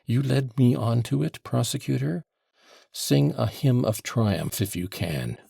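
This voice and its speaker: A man reading an audiobook, voicing an agitated young former soldier under questioning who turns defensive and bursts out loudly. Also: mid-range voice, lively intonation, unhurried, creaky, breathy edge, no room sound, clean studio sound, pitched above the performer's own voice, full character voice. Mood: despairing. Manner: defensive, flaring into loud outbursts.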